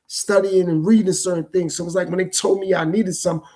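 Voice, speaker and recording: A man's voice: high voice, fairly even intonation, fast, dark tone, slightly rough. A man hosting his own podcast, talking through his thoughts in a loose, repetitive, reflective way. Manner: loose, repetitive, reflective street-talk delivery. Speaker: podcast host. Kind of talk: casual solo podcast monologue.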